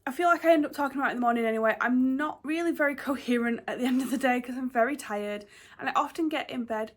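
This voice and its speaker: A woman's voice: sits high, quick pace. A woman, talking casually to camera as a book vlogger, chatty and a bit rambling. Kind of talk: casual vlog chat.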